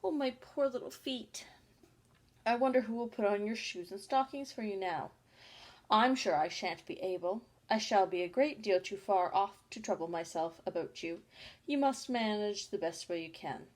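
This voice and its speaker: A woman's voice: mid-range voice, normal speed, natural voice. A curious, chattering young girl from a storybook, read by a woman in her own voice. She talks to herself in a fussy, wondering way, as if puzzling everything out aloud. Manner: fussy, wondering self-talk. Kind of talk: audiobook character reading.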